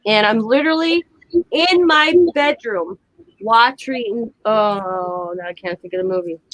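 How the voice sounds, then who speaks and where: A middle-aged woman hosting a crafting live stream, chatting and telling stories in a lively, animated way. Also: mid-range voice, measured pace, dry recording, rough recording. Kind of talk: casual chat while crafting.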